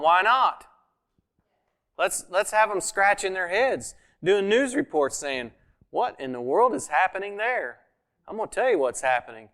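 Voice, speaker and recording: A male pastor preaches in a relaxed, conversational manner, slipping into quoted voices and swinging between near-shouts and quiet asides. His voice sits a little high for a man and comes through smooth and clear. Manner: conversational preaching, acts out quoted speech with sudden loud and soft swings. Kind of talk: sermon.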